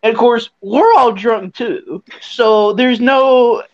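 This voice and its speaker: A young man, the podcast host, telling a drinking story in a casual, animated way and laughing as he acts out what people said. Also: very high-pitched, takes it slowly. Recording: dull lo-fi sound.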